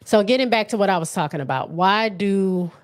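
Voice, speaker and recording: A woman's voice: medium pitch, expressive, fairly quick. A woman hosting a solo podcast, chatting casually and thinking aloud with frequent restarts. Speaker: podcast host.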